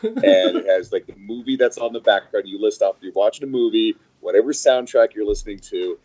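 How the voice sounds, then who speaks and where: Very deep-voiced joking podcast host. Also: male voice, brisk, darkish tone, breathy edge. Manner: joking, teasing, loose. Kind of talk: casual podcast chat. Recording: dull lo-fi sound.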